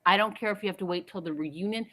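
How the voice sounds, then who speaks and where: A woman's voice: mid-range voice, fast talker, fairly bright tone. A woman calling in to a recap show, fired up and scolding as she hands out advice. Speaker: caller. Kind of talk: opinionated call-in commentary.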